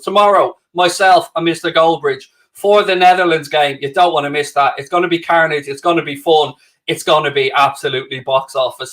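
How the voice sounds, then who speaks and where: Upbeat young Irish streamer, slightly high voice, jokey self-mocking chat with viewers. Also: male voice, a bit bright. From Ireland. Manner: cheerful, chatty, self-mocking banter. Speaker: livestream host. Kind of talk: casual live chat reading viewer comments.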